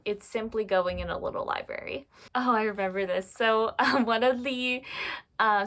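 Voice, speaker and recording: A woman's voice: medium pitch, a bit bright. A woman in her twenties talking casually at home about her bookshelves, candid and self-mocking, laughing often and swearing offhandedly, filmed on her phone. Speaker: book vlogger. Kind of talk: casual chatty vlog. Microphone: phone camera.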